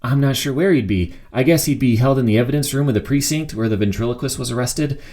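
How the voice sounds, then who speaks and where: A man's voice: medium pitch, fast, darkish tone, voice pushed up, natural voice. A man voicing a nervous middle-aged male lawyer who stammers flustered questions.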